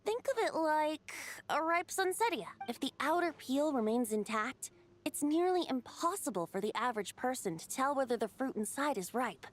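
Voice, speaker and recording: A woman's voice: sits high, big pitch swings, normal speed. A woman voicing a playful young male bard who is a wind god, speaking as a lilting, teasing storyteller in a video game. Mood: explaining.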